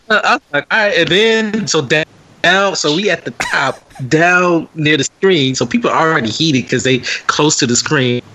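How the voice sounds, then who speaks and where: A man's voice: fairly high pitch, measured pace. A young man hosting a podcast, telling a story in casual chat, acting out what people said and laughing often. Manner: animated storyteller, acts out quotes, laughs often. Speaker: podcast host.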